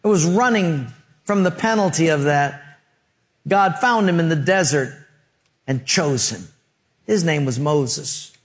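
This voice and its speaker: A male pastor preaching a sermon with humorous stories, emphatic pauses and rhetorical questions. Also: high voice, expressive.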